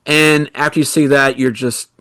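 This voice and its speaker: Rambling through casual chat with plenty of "you know" fillers, a man co-hosts a podcast. His mid-range voice is fairly bright, moves at a moderate pace with fairly even intonation, and the recording is dry.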